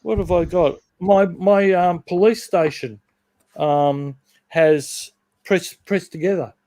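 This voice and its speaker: An Australian man with a somewhat high voice chats loosely, wandering through his thoughts with lots of ums. The sound is dry and close, with little room around it. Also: steady tone, slow, mellow, no room sound. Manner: chatty, rambling with many ums. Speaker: guest on model railroad livestream. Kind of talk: casual chat.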